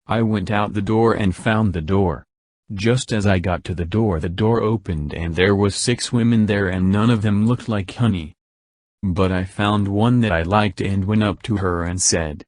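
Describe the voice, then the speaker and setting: A man with a fairly low voice reads a homespun story aloud. He speaks in a flat, even manner and barely changes his voice for anyone. The sound is dry and close, with no room around it. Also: unhurried, no room sound. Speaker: narrator. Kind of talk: plain storybook reading.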